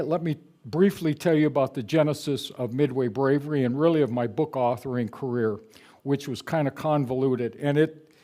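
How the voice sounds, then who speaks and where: Older man, author, book talk, conversational, digressive, mellow tone. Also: mid-range voice. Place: room with a live audience.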